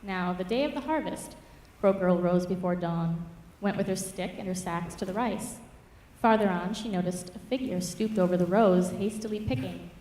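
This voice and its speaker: A woman mentor reading her own rhyming fable aloud at a public reading, with rhythmic, expressive storytelling. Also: on the low side, normal speed. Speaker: writing mentor. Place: church hall at a public reading. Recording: echoey church hall from far off.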